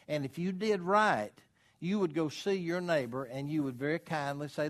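A middle-aged man, preaching a folksy sermon and swinging from quiet asides to loud exhortation. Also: on the high side, moderate pace. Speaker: pastor.

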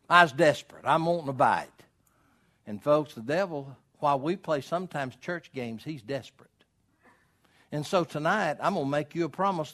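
A man preaching a sermon as pastor, swinging from loud calls to quiet storytelling. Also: on the high side. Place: church.

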